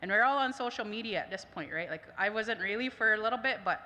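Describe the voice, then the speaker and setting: A woman's voice: medium pitch, expressive, fast, pushed and bright. A woman language teacher at a summit, telling a chatty personal story full of quoted dialogue. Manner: chatty, lots of "I was like" quotes. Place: conference hall. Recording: reverberant hall.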